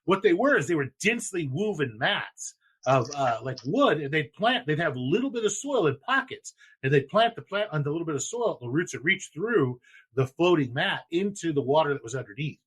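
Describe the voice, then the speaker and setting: Guy hosting a podcast, kinda high voice, swears a ton, laughs a lot, rushes when he gets excited. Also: slightly rough. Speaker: podcast host. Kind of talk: casual chat.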